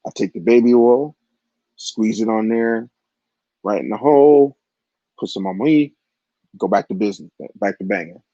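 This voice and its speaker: A man's voice: fairly low pitch, normal speed, long pauses, dark tone, no echo. A man in his forties telling a raunchy personal story in a crude, rambling way, with frequent asides to the listener. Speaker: vlogger. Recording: dull, lo-fi, dry audio.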